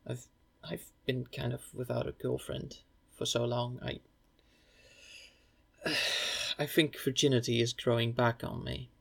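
A young man talks slowly to the listener in an intimate audio role-play, his voice gravelly and a little husky. He is playful and rambling, stumbling over his words and apologizing as he goes. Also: mid-range voice, flat delivery.

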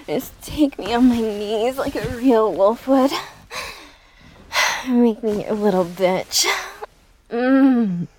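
A woman in an intimate audio role-play, breathy and moaning, pleading, slipping into soft whispers. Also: on the high side, takes it slowly, long pauses.

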